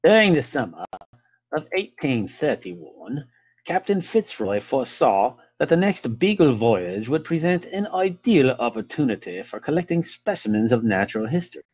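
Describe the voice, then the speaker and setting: A man with a put-on British accent, voicing a formal British naval captain by reading his old letter aloud in a measured way. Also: medium pitch, big pitch swings, a little mellow, breathy edge, lo-fi sound.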